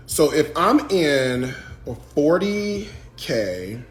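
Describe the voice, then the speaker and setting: With faint music behind him, this streamer stretches out his words in a fairly high voice full of big pitch swings. He works through costs with his audience in Southern vernacular, exasperatedly chiding the chat as "y'all" and "child."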